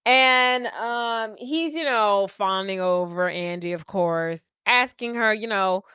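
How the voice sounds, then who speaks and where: A woman's voice: medium pitch, smooth, no echo, clean studio sound. A young woman co-hosting a casual movie podcast, animatedly recapping scenes and acting out the characters' lines. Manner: animated, acts out characters' lines in quick voices. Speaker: podcast co-host.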